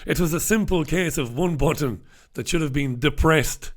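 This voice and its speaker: A man's voice: a little high, normal speed. Chatty, self-mocking man host. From Ireland. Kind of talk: casual live-stream chat. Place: home studio.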